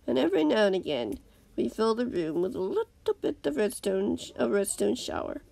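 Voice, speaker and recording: A woman reading aloud, voicing a cold, scheming male villain who speaks calmly and menacingly. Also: mid-range voice, fairly quick, creaky, full character voice. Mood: calm menace. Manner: calm, menacing, sometimes whispered.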